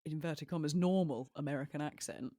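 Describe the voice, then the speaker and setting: Woman, southern english accent, playful podcast chat, very low pitch, dry close mic. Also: fast talker, mellow, no echo. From England. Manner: laughing, playful. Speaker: podcast co-host. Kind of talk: casual chat.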